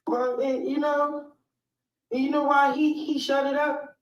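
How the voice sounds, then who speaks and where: A woman's voice: high-pitched, little pitch movement, unhurried, roomy sound, slight background noise. Woman ranting on a distant lo-fi clip. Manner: accusing, taunting. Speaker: livestreamer. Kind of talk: angry livestream rant.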